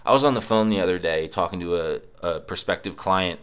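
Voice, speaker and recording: Low-voiced man ranting profanely. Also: fairly quick, a bit bright, clean tone. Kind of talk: casual rant. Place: apartment. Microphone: cheap microphone.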